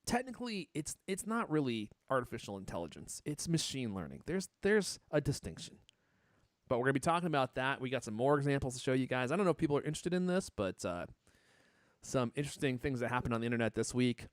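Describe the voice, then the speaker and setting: A man's voice: mid-range voice, big pitch swings, fast talker, no room sound, studio quality. A man hosting a casual live-streamed tech podcast, joking around and reading out viewer comments. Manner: jokey, reads out viewer comments. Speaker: podcast host.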